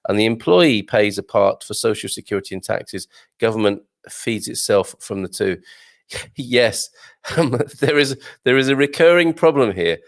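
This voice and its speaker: A man's voice: mid-range voice, moderate pace. A man from Birmingham, England, hosting a casual news chat for expats and reading out viewer comments with wry, exclamatory asides. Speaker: host of an expat news show.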